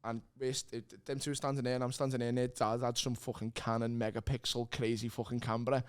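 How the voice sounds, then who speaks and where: A man's voice: medium pitch, little pitch movement, quick pace, clean tone. A young man, a guest comedian telling rambling, sweary stories in casual podcast chat and laughing as he goes.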